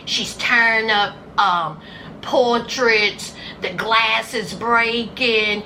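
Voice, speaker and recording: A woman's voice: a little high, slow, pushed and bright, a little hiss or hum, low-quality recording. A woman giving casual, sarcastic commentary on a reality show, acting out scenes in put-on voices.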